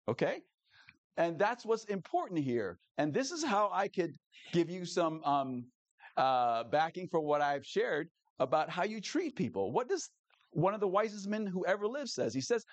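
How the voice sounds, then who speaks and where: Male pastor, lively and animated delivery, dry close sound. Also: sits high, moderate pace, dry recording. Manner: animated, repeats key phrases, asks the audience "okay?". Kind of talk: sermon.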